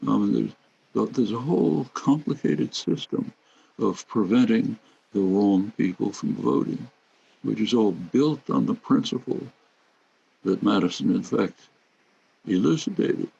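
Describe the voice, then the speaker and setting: An older man speaks as a guest commentator, explaining things deliberately in a lecture-like way. His low voice is heavily gravelly and husky. The recording sounds dull and lo-fi. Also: expressive, warm tone. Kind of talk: lecture-like reflection.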